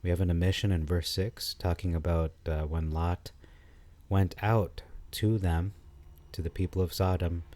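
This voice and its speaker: A man giving casual commentary on scripture, thinking aloud with frequent pauses, fillers and restarts. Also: sits low, steady tone, mellow.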